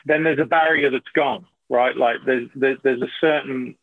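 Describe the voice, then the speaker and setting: A man's voice: mid-range voice, moderate pace, gravelly. A middle-aged man, telling stories as an actor guest in a casual interview. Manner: animated, repeats and restarts while telling anecdotes. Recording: tinny phone-like line.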